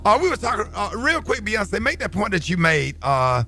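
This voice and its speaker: Animated man hosting radio. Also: high voice, normal speed. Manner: animated storyteller, acts out dialogue loudly. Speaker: radio show host. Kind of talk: morning radio talk.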